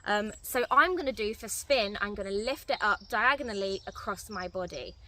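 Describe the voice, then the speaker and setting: Bright-voiced woman teaching a dog trick. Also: medium pitch, animated, moderate pace. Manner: clear, step-by-step explaining. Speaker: dog trainer. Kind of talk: instructional tutorial. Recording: distant mic, faint outdoor noise.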